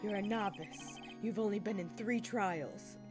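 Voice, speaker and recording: A woman voicing a stiff, haughty young male prosecutor, speaking in a low, smooth, dramatic voice. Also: measured pace, music in the background, lightly acted. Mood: condescending.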